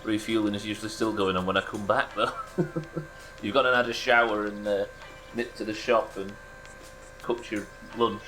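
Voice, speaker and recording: A man's voice: on the low side, fairly even intonation, a little fast, sharp tone, faint music behind. A British man streaming a driving game, chatting casually and making dry jokes with his viewers. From Britain. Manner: dry, joking banter with chat. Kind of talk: casual live-stream commentary to chat.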